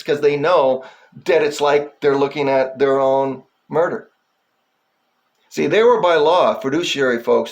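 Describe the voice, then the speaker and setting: Angry, profane man ranting to camera. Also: medium pitch. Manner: profane, agitated and rambling, repeatedly addressing "folks". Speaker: self-publishing filmmaker addressing police. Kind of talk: angry direct-to-camera rant.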